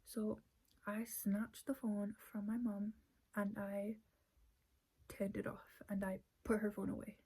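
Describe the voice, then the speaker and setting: A woman's voice: mid-range voice, little pitch movement, slow pace, dark tone, breathy edge, rough recording. A woman earnestly telling a personal family story, retelling conversations at length.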